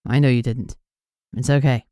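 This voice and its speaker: A woman voicing a steady, protective man who speaks in a low, soothing but firm way. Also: fairly quick, clear, resonant tone, no echo, clean studio sound, natural voice.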